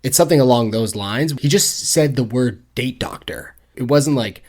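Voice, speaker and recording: A man co-hosting a casual movie podcast, sarcastic and animated as he mocks the film's characters. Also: mid-range voice, normal speed, few pauses. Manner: sarcastic, mocking impressions of characters. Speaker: podcast co-host. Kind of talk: casual movie review chat.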